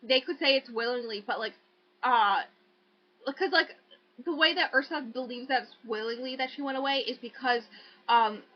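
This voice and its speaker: A young woman with a high voice chats casually, recapping a book's plot in a loose, rambling way full of fillers and swearing. The recording is dull and lo-fi, like a home podcast setup. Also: moderate pace. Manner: rambling, profane, lots of fillers. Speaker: podcast co-host recapping a book. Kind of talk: casual chat.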